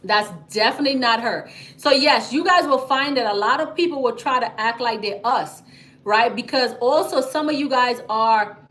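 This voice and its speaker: A woman who works as a business credit coach hosts a casual livestream, reading viewer comments and talking straight to her audience. Her slightly high voice moves at a moderate pace as she tells stories animatedly and emphatically, often checking in with "okay?" and "y'all."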